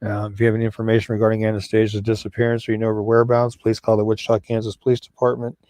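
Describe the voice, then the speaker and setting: A man's voice: on the low side, completely flat delivery, very fast, a little mellow, no room sound. A man co-hosting a live talk show on missing people, earnest and folksy, often repeating himself. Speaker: co-host of a missing persons show. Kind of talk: casual live-stream talk.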